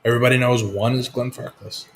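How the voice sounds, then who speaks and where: A man's voice: medium pitch, fairly even intonation, fast. Guy rambling about whisky, easygoing, cusses a lot, faint hum behind him. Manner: chatty, swearing, laid-back storyteller. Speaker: whisky show host. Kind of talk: casual live-stream chat.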